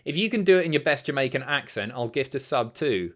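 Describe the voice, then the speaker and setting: A man in his thirties hosting a casual livestream, reading chat messages aloud, sweary and rambling, jumping between loud outbursts and mumbles. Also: medium pitch, animated, fairly quick.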